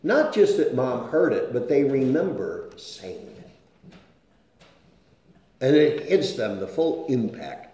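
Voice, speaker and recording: A man preaches with a lively, rising and falling voice, earnest and searching. His tone is mellow and soft at the edges. The sound rings out through a very echoey room. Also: mid-range voice, slow, pauses often. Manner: earnest, keeps asking "okay?" to check on listeners. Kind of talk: sermon.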